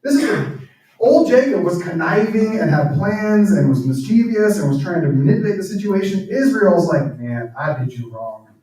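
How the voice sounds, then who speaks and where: A man's voice: high-pitched, big pitch swings, normal speed, dark tone, slight background noise. A man giving a reflective talk at a church as a guest speaker, earnest and at times dropping to near-whispers. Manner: earnest, drops to near-whispers on emotional points. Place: church hall. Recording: very echoey room, speaker far from mic.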